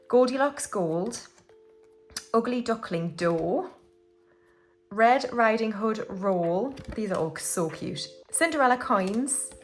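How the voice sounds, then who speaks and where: A woman from the UK hosting a casual budgeting vlog, chatting and counting banknotes aloud while laughing at her own slips. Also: fairly high pitch. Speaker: budgeting channel host. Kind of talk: casual cash-stuffing vlog.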